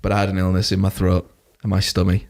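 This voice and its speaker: A man's voice: deep voice, monotone, fast talker, darkish tone. A young man, chatting casually as podcast co-host, rambling and laughing often. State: recovering from a cough. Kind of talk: casual chat.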